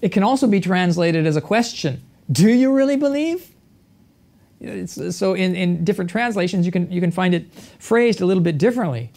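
A pastor preaching a sermon in a measured way, with rhetorical questions and repeated phrases. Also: mid-range voice, darkish tone.

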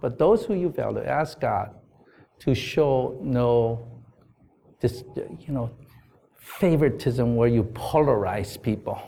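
A man preaching a sermon in an earnest, conversational manner. His voice sits at an ordinary middle pitch. He turns to the congregation with direct questions and reads scripture aloud between stories. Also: lively intonation, slow pace, vocal fry, dark tone. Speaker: pastor.

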